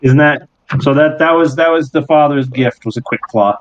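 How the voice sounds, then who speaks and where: A man serving as game master, narrating a tabletop game in an animated, rambling way. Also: a little high, moderate pace, muffled recording.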